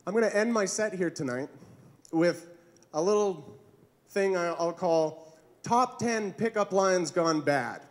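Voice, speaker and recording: A man performing stand-up in a comedy club, telling his jokes at an unhurried, deliberate pace. His pitch sits high and jumps around a lot, and he comes across as awkward and self-deprecating. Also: lively intonation.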